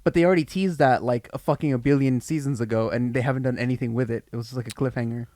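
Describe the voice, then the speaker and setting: A man's voice: mid-range voice, quick pace, darkish tone, no echo. A man co-hosting a podcast in casual comedic chat, rambling and swearing freely. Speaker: podcast co-host.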